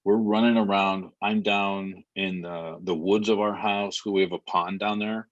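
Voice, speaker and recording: A man's voice: low voice, fairly even intonation, unhurried, dull audio. A man in his thirties, a podcast guest, telling an emotional story with lots of fillers. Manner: vivid retelling with many fillers.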